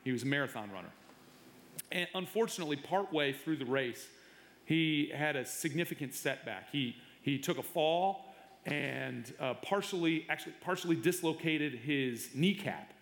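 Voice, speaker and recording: Middle-aged male pastor, sermon, halting delivery with repeats, slightly high voice, roomy hall. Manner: halting, repeats words, animated when telling stories. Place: church sanctuary. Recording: echoey hall reverb. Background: long hall reverb.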